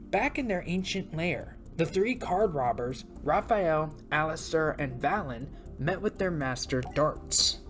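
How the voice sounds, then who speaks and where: A woman narrates a story game with chatty asides. Her voice is low for a woman. Faint music plays behind her. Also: expressive, a little slow, few pauses. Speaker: let's play narrator.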